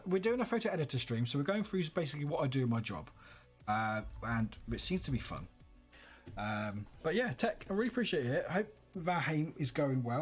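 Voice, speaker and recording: A male streamer chatting casually and warmly with viewers, greeting them one by one. He says he is tired, yet his fairly high voice stays animated and swoops widely. Faint music plays in the background. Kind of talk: casual live-stream chat.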